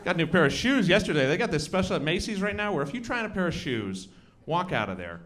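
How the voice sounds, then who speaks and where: Profane stand-up comic with lively pitch. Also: male voice, quick pace. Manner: profane, conversational, rhetorical asides. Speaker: stand-up comedian. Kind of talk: live stand-up set. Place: comedy club stage. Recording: live club recording with crowd laughter. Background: audience laughter.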